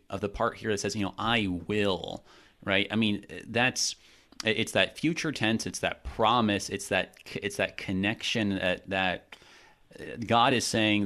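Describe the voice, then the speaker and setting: Man, low voice, casual Bible discussion, animated, acts out quotes. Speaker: Bible study podcast co-host. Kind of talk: conversational Bible teaching.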